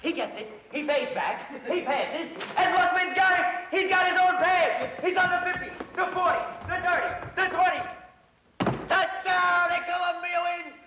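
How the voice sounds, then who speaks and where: A young man acting an excitable, wisecracking teenage boy who narrates to the audience in a school stage play. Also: extremely high pitch, normal speed, a crowd in the background. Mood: announcer play. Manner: plays sports announcer, speaks to audience. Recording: echoey auditorium, faint hiss.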